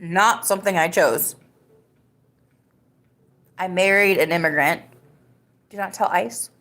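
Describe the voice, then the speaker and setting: A woman in her thirties from the United States chats on her live podcast, a little tipsy. She rambles slowly and mocks herself. Her voice is bright and forceful. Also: on the low side. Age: 30s. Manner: self-mocking, rambling, jokey. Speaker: podcast host. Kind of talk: casual live-stream chat.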